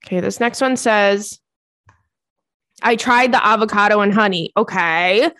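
A young woman hosting a podcast in casual chat, talking fast and swearing, laughing often and breaking into high squeals. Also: fairly even intonation, fairly bright tone, no echo. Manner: chatty, profane, laughs often, bursts into squeals. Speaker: podcast host.

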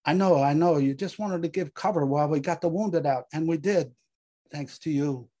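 A man's voice: a little high, moderate pace, mellow, lightly acted. A man voicing a haunted male veteran platoon leader who pleads, grieves and snaps in anger. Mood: grieving. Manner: pleading, exasperated, grief-stricken.

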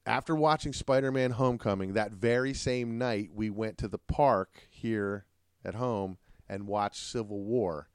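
A middle-aged man, a father hosting a family podcast, chatting casually, animated and joking. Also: lowish voice, unhurried, clean tone, no echo, studio quality. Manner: animated, joking, laughs often.

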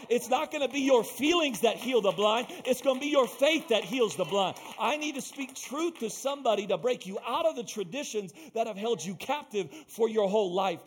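High-voiced male pastor preaching emphatically. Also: slightly rough. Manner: emphatic, repeats phrases and calls out to the congregation. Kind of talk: sermon.

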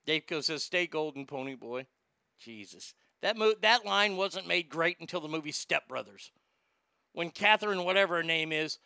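A man hosting a podcast in casual chat, reading out listener comments and ranting bluntly and profanely, swinging between loud outbursts and low mutters. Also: creaky, clean tone, no room sound, clean studio sound. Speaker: podcast host.

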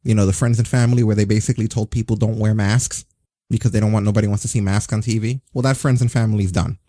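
Male podcast host, sarcastic ranter, dark husky tone, dry close mic. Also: fairly low pitch, quick pace, no room sound. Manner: sarcastic, swearing, animated. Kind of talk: casual wrestling news chat.

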